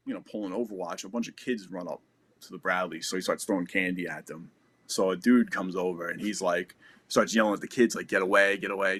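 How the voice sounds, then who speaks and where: Low-voiced man telling a loose, profane story. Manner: loose and profane, peppered with "like" and "you know". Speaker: podcast guest. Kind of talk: casual storytelling.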